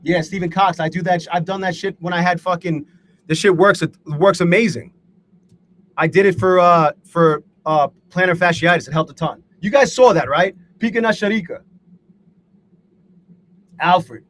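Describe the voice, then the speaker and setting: A man's voice: sits high, normal speed, a bit bright. A man hosting a live day-trading stream, talking to his chat in a profane, exasperated rant. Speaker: livestream host and day trader.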